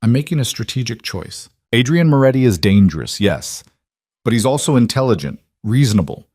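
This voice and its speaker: A man voicing a calm, self-sacrificing young woman in a spoken story. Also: mid-range voice, a little fast, no room sound, studio quality, close to an everyday voice. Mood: resolute. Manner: calm, steady. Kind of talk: audiobook storytelling.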